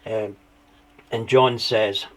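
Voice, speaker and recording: A man telling his story as an interview guest, rambling through anecdotes with restarts and lively retellings. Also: fairly low pitch, very slow, poor audio. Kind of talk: conversational storytelling.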